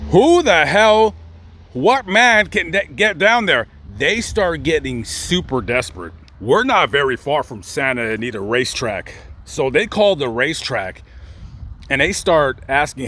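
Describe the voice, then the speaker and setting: A man's voice: on the high side, sharp tone. A man hosting his own channel, telling a true story on location outdoors. He talks in a casual, conversational way, with restarts and asides to the listener. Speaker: host.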